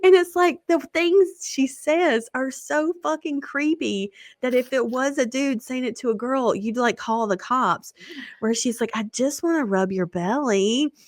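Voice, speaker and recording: A woman's voice: high voice, unhurried, no room sound. A woman in her thirties chatting casually, talkative, laughing often and swearing freely. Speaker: podcast co-host. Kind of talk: casual chat.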